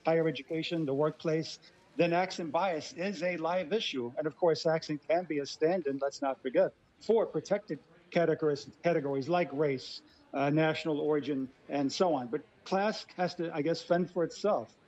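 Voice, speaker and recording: La-raised guy on a radio panel, mellow voice, bit muffled and lo-fi. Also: a little high, normal speed. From Los Angeles. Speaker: guest linguist.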